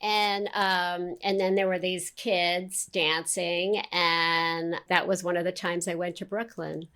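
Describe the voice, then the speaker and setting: A woman's voice: on the low side, level tone, slow pace, a bit bright, clear, resonant tone. An older woman from Queens with a New York accent, chatting as a guest in a casual interview, rambling with lots of fillers and restarts. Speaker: guest voice actress.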